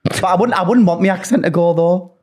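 A man's voice: high-pitched, a little fast. A young man with a Hartlepool accent, a drag performer telling crude stories as a guest in a casual chat. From Hartlepool, England. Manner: crude, animated storytelling with acted quotes.

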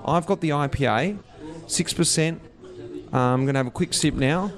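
A man's voice: fairly high pitch, moderate pace. A man with an Australian accent chatting casually and enthusiastically as a podcast co-host, recorded at a small restaurant table. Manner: chatty, enthusiastic, laid-back. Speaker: retired pro cyclist turned podcast co-host. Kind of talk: casual chat over drinks.

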